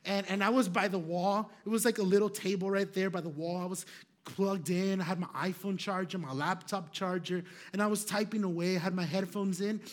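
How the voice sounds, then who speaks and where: Man, pastor, high-pitched, animated storytelling sermon, laughing, lots of fillers. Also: fairly quick.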